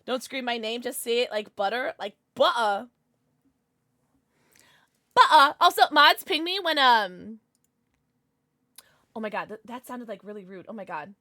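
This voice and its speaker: A woman streaming a game live, chatting with her viewers in a bubbly, excitable way, sometimes mumbling, sometimes shouting. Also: a little high, moderate pace, no room sound, clean studio sound. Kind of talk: live gaming stream chat.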